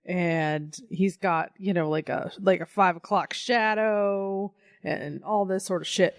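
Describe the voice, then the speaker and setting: A co-host recapping a plot in a relaxed, rambling, profane chat. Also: medium pitch, slow. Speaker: podcast co-host. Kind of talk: casual chat.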